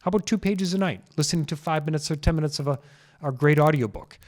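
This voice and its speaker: A man's voice: a little high, quick pace. Earnest man hosting a health podcast. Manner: earnest, repeats phrases for emphasis. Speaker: chiropractor podcast host. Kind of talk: casual solo podcast talk. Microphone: talking into a microphone.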